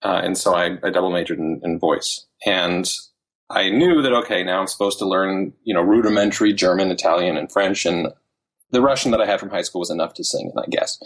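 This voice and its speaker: A man in his thirties, a language learning author, chatting casually as an interview guest with lively quoted asides. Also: deep voice, a little fast. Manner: animated storytelling with quoted asides.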